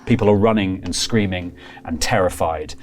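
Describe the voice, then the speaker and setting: A man's voice: sits low, normal speed, darkish tone. A man narrating as game master of a tabletop horror game, describing scenes loosely and vividly. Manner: loose, vivid, full of fillers.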